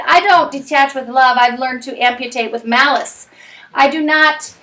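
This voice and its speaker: A woman in her forties leads a parenting class in a classroom. Her voice is high and bright. She talks in a lively, chatty way and tells stories full of fillers and asides. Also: moderate pace, recorded from a distance. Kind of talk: leading a class discussion.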